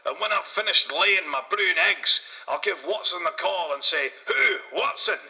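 A man's voice: high voice, expressive, moderate pace, bright, forceful tone, pitched above the performer's own voice, exaggerated voice. Man doing a vulgar Scottish inventor, bragging, cutting tone, long reverb. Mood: boastful. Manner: vulgar, swaggering, broad dialect. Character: crude boastful Scottish male inventor.

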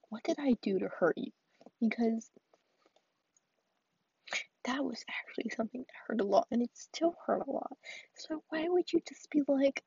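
A woman's voice: medium pitch, moderate pace, gravelly, husky, dry recording, lo-fi sound. A young woman venting in a solo vlog, rambling with lots of fillers and often dropping to a whisper. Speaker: vlogger. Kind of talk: solo confessional vent.

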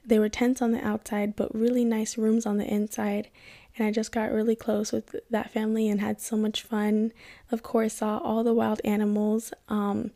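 Young woman vlogging, low gravelly voice, kind of dark tone, acts out the quotes. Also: level tone, moderate pace. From Kenya. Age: young adult. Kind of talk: casual storytelling vlog.

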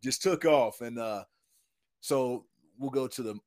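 A man, a retired football lineman, telling a hunting story in a casual, animated, slangy way, full of "dude" and "man". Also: medium pitch, a little slow.

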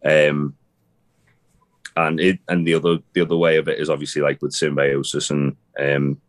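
Very deep-voiced man chatting. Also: monotone, normal speed. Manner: rambling, many restarts and fillers, swears casually. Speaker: podcast co-host. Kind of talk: casual chat about wrestling.

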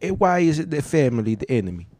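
An emphatic woman politician with a put-on Italian accent, as a man imitates her. The voice is pushed well above a normal speaking pitch, loud and insistent. It is recorded dry and close, with no room echo. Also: sing-song, fast talker. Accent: mock Italian.

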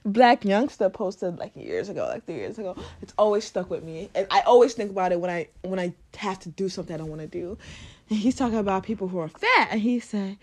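A woman's voice: mid-range voice, lively intonation, quick pace, darkish tone. A woman hosting her own podcast, giving a blunt, profane motivational rant with bursts of laughter. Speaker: podcast host.

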